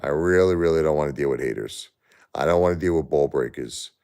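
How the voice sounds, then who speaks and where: In a rumbling low voice with a darkish tone, a man hosting a live stream talks fairly quickly to his chat. His emotional talk is weary and distressed, and he repeats himself.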